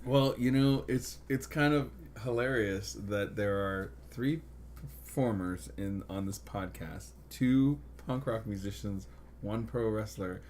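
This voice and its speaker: A man co-hosting a podcast, chatting casually and telling lively stories full of quoted voices. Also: lowish voice, a little slow, a little hiss or hum. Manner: animated storyteller, jumps into quoted voices. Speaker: podcast co-host and punk musician. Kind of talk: casual chat.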